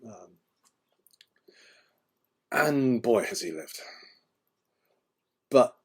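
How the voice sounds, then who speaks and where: A man's voice: medium pitch, expressive, very slow, slightly rough. A man, an author, chatting casually and rambling with frequent ums and restarts. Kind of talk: casual chat.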